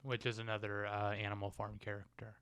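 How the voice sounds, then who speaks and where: A man co-hosting a casual podcast, dropping dry, joking comments about a film. His voice is on the low side, recorded close and dry with no room sound. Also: completely flat delivery, fairly quick, fairly bright tone, smooth, no room sound. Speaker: podcast co-host. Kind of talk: casual movie review chat.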